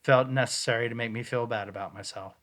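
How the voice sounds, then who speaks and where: A man's voice: medium pitch, steady tone, fast talker, fairly bright tone. A man co-hosting a casual podcast, playfully bantering while reviewing ghost-hunt recordings. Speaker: podcast co-host.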